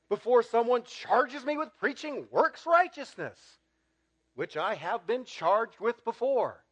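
A man preaching a sermon as pastor, getting animated and building to loud, emphatic peaks. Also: extremely high pitch, measured pace, husky.

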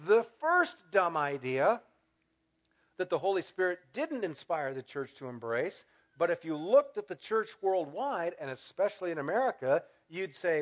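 A man preaching a sermon as pastor, getting animated and building to loud, emphatic peaks. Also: sits high, normal speed.

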